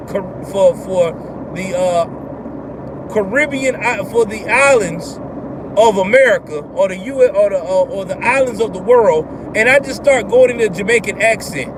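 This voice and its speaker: A man hosting a vlog, ranting bluntly and profanely in casual commentary from inside a car. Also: very high-pitched. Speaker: vlog host. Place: in a car on the road. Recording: car road noise behind.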